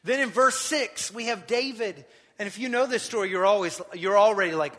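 Man, pastor, high bright voice, animated sermon storytelling, long hall reverb. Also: brisk. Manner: animated storytelling, acting out quotes.

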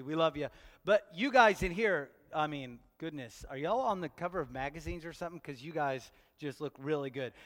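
Long church hall reverb surrounds a pastor whose voice is a little high and fairly bright. He's preaching a sermon in a playful way, joking with the congregation and putting question after question straight to them.

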